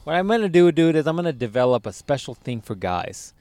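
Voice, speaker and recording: A man's voice: on the high side, fairly quick, dry recording. A man co-hosting a podcast, joking in loose crude banter and telling stories with a lot of swearing. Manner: loose, swearing, animated storytelling. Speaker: podcast co-host.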